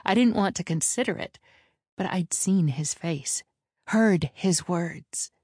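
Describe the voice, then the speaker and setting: Slow, low-voiced woman narrating. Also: slightly rough, dry recording, clean studio sound. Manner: measured, steady reading pace. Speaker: audiobook narrator. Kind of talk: first-person audiobook narration with voiced dialogue.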